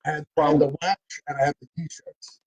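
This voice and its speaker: A man's voice: on the high side, fairly even intonation, brisk, a crowd in the background, low-quality recording. Joking guest from Long Island, man. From Long Island, New York. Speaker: singer, podcast guest. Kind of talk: casual chat.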